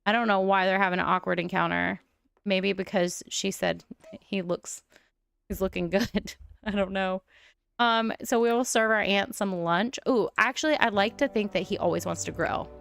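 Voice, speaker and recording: A woman streamer giving casual, excitable gameplay commentary, thinking out loud as she plays. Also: mid-range voice, vocal fry, clear, resonant tone, no room sound. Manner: chatty, excitable, thinks aloud. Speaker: streamer playing a life-sim game.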